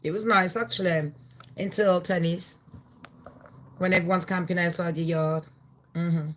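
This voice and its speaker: A middle-aged woman from Jamaica, hosting a brash, profane live-stream chat that swings loud and animated. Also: fairly low pitch, unhurried, slight background noise. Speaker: channel host.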